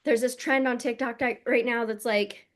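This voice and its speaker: Blunt, swearing woman coach, slightly high voice. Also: fairly even intonation, normal speed. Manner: blunt, emphatic, swears freely. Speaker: energy healer and coach. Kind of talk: casual teaching monologue.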